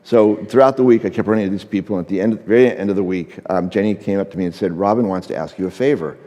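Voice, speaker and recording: Low, mellow man telling a story. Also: racing, in a large hall, highs cut off. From United States. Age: middle-aged. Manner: anecdotal, acts out dialogue, frequent fillers. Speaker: conference speaker, photographer. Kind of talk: storytelling talk on stage. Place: large conference stage before an audience.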